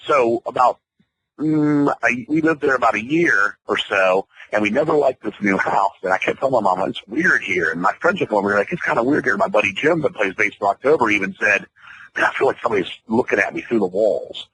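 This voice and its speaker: A man's voice: fairly low pitch, brisk, breathy edge, poor audio. A man telling a long personal story in a radio interview, rambling and swearing freely as he goes. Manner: profane, rambling, animated. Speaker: interview guest. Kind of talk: casual storytelling.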